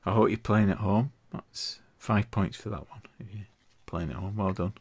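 A man's voice: fairly low pitch, steady tone, darkish tone, slightly rough. A man co-hosting a chatty podcast, quizzing his friend and drawing out made-up Latin names playfully. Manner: playful, drawn-out pronunciation of mock Latin. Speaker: podcast co-host. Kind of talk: casual chat and quiz.

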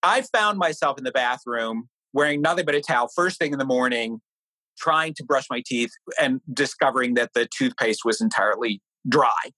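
In a conversational interview, a middle-aged author originally from New Hampshire lays out ideas and relates a family story as a guest. He's lively in pitch and animated in his storytelling, speaking at a moderate pace; the recording sounds dry and low in quality.

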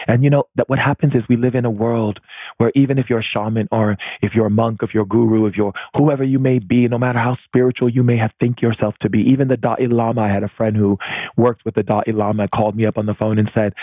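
Low raspy guy giving a heartfelt spiritual pep talk, repeats himself a lot. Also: fairly even intonation, quick pace, a little mellow, no room sound. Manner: repetitive, impassioned, calls listeners his family. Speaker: spiritual teacher.

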